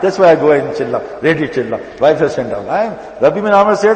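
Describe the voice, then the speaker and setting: High-voiced preacher in an echoing mosque. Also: male voice, very animated, fairly quick, hardly any pauses, darkish tone. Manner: storytelling, emphatic, repetitive phrasing. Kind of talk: sermon. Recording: echoey mosque hall.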